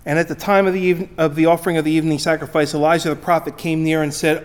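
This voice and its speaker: A pastor preaching a sermon, emphatic, his voice swinging between loud and quiet. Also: on the high side, level tone, very fast, few pauses.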